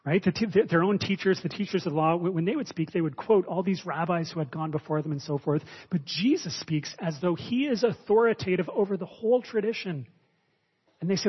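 A man's voice: high-pitched, fairly quick, husky. Man preaching in a reverberant hall. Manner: conversational, many fillers and restarts, asks the listeners questions. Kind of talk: sermon. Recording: dull sound with long reverb in a hall.

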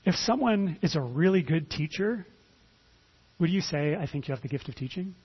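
A man's voice: fairly high pitch, animated, moderate pace, breathy edge, dull audio. A pastor giving a conversational sermon, often repeating words as he starts a phrase.

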